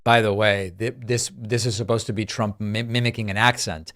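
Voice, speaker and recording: A man's voice: on the low side, steady tone, moderate pace, a bit bright. A man hosting a political commentary show, reacting to clips in a dry, sarcastic way on a studio microphone.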